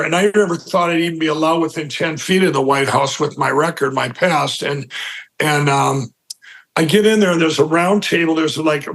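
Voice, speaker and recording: A man's voice: fairly high pitch, fairly bright tone, rough recording. A man giving an interview, telling a long personal story in a rambling way with lots of fillers and restarts, acting out the people he quotes. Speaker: interview guest. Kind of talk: conversational storytelling.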